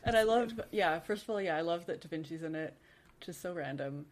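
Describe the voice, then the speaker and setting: A woman's voice: lowish voice, expressive, a little fast. A woman co-hosting a podcast in casual chat, chatty and full of fillers, often trailing off mid-thought. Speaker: podcast co-host.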